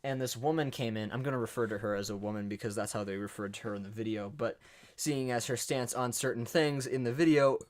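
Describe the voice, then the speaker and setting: A man's voice: medium pitch, fast talker. Young man rambling through a story. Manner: rambling storyteller, acts out quotes. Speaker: podcast co-host. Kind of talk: casual chat.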